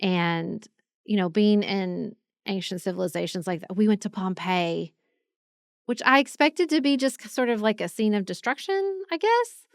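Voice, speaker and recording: A woman's voice: mid-range voice, animated, normal speed, no room sound, clean studio sound. A woman, co-hosting a podcast and chatting in a casual way, telling travel stories and acting out the people she met. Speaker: podcast co-host. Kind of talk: casual chat.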